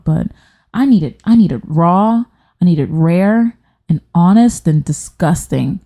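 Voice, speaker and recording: A woman's voice: on the low side, warm tone. A woman hosting a podcast, reading stories aloud in casual chat, blunt and profane, wandering into tangents, close on a microphone. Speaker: podcast host. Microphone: studio microphone.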